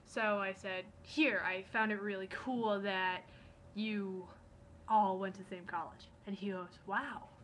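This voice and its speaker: A young adult woman, vlogging in a rambling, excitable way, sometimes dropping to soft, near-whispered asides. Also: mid-range voice, slight background noise, poor audio. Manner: excitable, rambling, gushing storyteller who acts out quotes. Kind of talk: casual chat.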